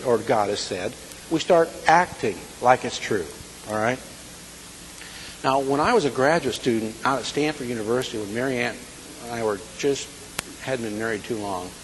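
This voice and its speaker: A man teaching a sermon in a conversational way, often checking in with his listeners. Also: medium pitch. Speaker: Bible teacher. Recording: echoey hall with faint hiss.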